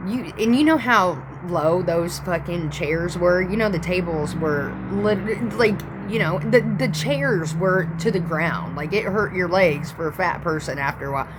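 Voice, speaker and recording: A woman's voice: lowish voice, unhurried, few pauses, background noise. A woman in her thirties telling a rambling, profane story in a casual vlog.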